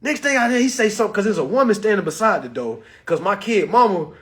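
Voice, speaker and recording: Man, high voice, swinging pitch, casual profane storyteller talking straight to his viewers. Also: quick pace. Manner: animated, profane, addresses viewers as y'all. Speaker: vlogger.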